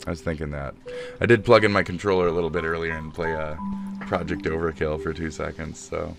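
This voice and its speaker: A man's voice: rumbling low, fairly even intonation, a little fast, creaky, over music. A man streaming live who rambles, jokes and swears in mock outrage while signing off. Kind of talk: casual live-stream sign-off chat.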